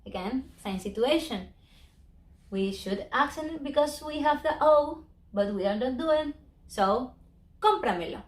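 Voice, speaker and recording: A woman whose first language is Spanish, teaching a Spanish lesson in English and slowly drawing out each example word. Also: high-pitched, lively intonation. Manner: slow, drawn-out modeling of words, non-native English grammar. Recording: echoey room.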